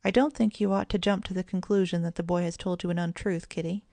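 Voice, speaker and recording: A woman reads a storybook in the voice of a sensible, kindly mother of two, grave and gentle in manner. Her low voice carries a gravelly vocal-fry edge, with a steady tone and quick pace. The recording is close and dry, with no room sound or echo.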